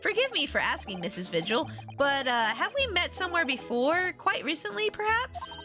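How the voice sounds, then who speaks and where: A woman's voice: extremely high pitch, sing-song, normal speed, over music, pitched above the performer's own voice. A woman voicing an earnest young male lawyer who speaks politely and hesitantly.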